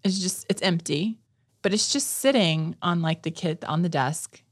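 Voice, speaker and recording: Low-voiced woman chatting animatedly. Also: normal speed, slightly rough. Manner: animated storyteller, swears casually, acts out quoted exchanges. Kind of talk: casual chat.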